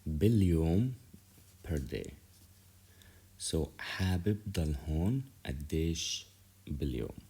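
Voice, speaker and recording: Very deep husky guy teaching phrases, slow and patient, says everything twice. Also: big pitch swings, warm tone. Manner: slow, repeats phrases for learners to copy. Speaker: Arabic teacher. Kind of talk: online language lesson.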